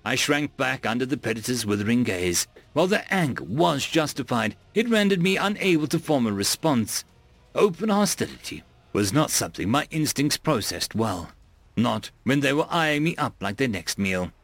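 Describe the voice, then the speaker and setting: A man narrating an audiobook chapter in an even, storytelling way. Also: medium pitch, normal speed, no echo. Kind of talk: scripted narration.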